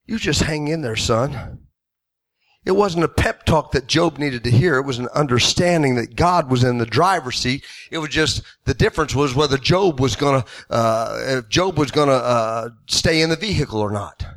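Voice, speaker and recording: A man preaching a sermon with fervent delivery, rising into shouted emphasis on key lines. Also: mid-range voice, normal speed, few pauses.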